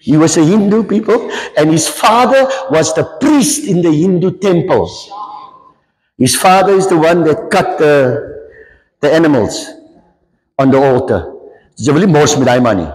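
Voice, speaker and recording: Preacher in a reverberant hall. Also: male voice, a little high, a little slow. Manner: animated storytelling with repeated emphatic lines. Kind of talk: storytelling sermon.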